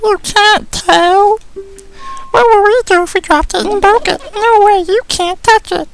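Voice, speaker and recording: A man voicing a bossy, possessive girl fairy in a squeaky falsetto, slow and scolding, over a game. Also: gravelly, soft background music, heavily acted, low-quality recording. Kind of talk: let's play voice acting.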